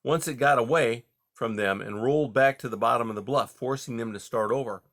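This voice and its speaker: Reading a children's book for an audiobook, a medium-pitched male narrator keeps an even, measured style throughout the story.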